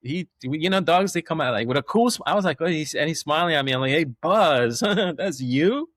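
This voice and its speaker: A man, a dog trainer, telling stories in a rambling, animated way with many restarts and acted-out quotes. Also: fairly high pitch, fast talker, no echo. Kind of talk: casual storytelling.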